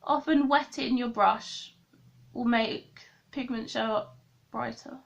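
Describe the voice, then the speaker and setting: A woman's voice: on the high side, fairly even intonation, slow pace, vocal fry, dull audio. A woman chatting through a makeup tutorial, thinking aloud and correcting herself as she goes. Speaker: beauty vlogger.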